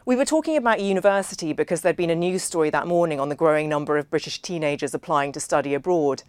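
A woman narrating a novel in the first person, measured and understated. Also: low-pitched, clean tone, dry recording. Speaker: audiobook narrator.

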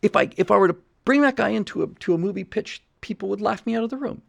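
A man's voice: high voice, fast, gravelly. A middle-aged man hosting a livestream in casual chat; he rambles and repeats words while reading viewer messages. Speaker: livestream host.

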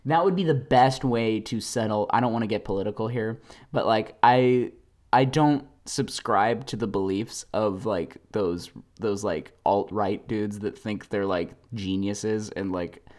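Swinging from quiet mumbles to loud, animated bursts, a podcast host rants alone at a slightly slow pace. He rambles, dropping in many fillers and laughs.

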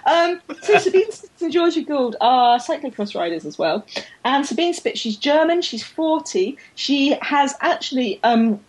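A woman's voice: high-pitched, very animated, measured pace, a little mellow, rough recording. A woman co-hosting a podcast in casual chat, chatty and laughing easily, sometimes stumbling over names. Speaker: podcast co-host.

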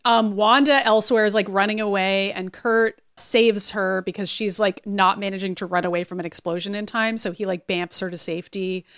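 A woman's voice: mid-range voice, fairly even intonation, normal speed, hardly any pauses, a bit bright, clear, resonant tone. A woman co-hosting a podcast, recapping an episode in casual chat, acting out the characters' lines with swearing and laughter. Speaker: podcast co-host.

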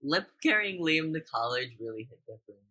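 A woman co-hosting a TV recap podcast, chatting casually with blunt, quick remarks that agree with the others. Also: deep voice, sing-song, a loud crowd. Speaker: podcast co-host. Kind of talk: casual chat.

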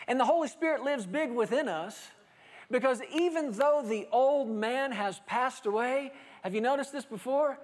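A male pastor preaching a sermon to a congregation, telling lively stories and acting out dialogue with humor. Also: very high-pitched, moderate pace. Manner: animated storytelling preacher, acting out dialogue with laughter.

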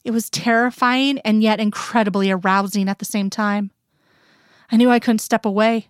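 A woman's voice: medium pitch, steady tone, normal speed, clean tone, no room sound, studio quality. A woman reading a first-person story aloud in an earnest, intimate storytelling voice. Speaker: reader.

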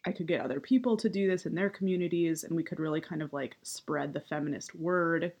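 A woman in her thirties, a writer and activist, talking casually with heavy vocal fry, upward inflection and many fillers. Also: sits low, steady tone, a little fast, darkish tone. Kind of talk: casual monologue.

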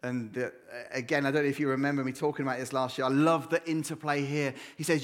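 A man preaching a sermon in church, with dramatic pauses and dropping to a low hush on key words. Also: fairly even intonation. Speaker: pastor.

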